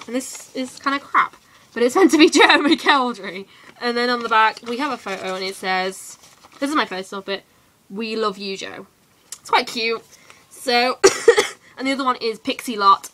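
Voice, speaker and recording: A young woman from Britain chatting casually to camera in a vlog, with lots of ums and quick giggles. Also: a little high, pushed and bright. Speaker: vlogger.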